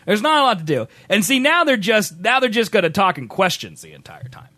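A man's voice: brisk, no room sound. A young man co-hosting a podcast, joking in casual chat and reading news aloud. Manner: animated, joking, swings pitch widely. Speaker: podcast co-host.

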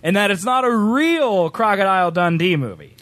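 A man's voice: high voice, big pitch swings, normal speed, a bit bright. A man hosting a casual reaction stream, chatty and joking. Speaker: streamer host.

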